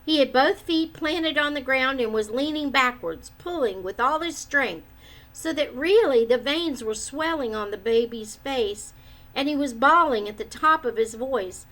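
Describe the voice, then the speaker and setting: A woman reading a children's book aloud in an expressive, measured way. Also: fairly high pitch. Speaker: storyteller.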